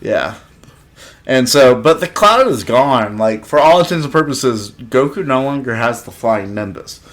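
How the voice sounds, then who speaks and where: A man's voice: mid-range voice, measured pace. A man co-hosting a podcast, chatting casually and acting out scenes from an anime. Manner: animated, acts out scenes in silly voices. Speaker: podcast co-host. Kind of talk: casual chat.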